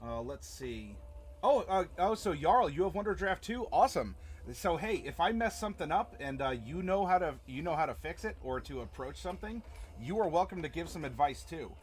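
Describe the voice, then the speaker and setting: A man's voice: on the high side, very animated, normal speed, slight background noise. A young man hosting a live stream as game master, chatting casually and rambling with many fillers and restarts.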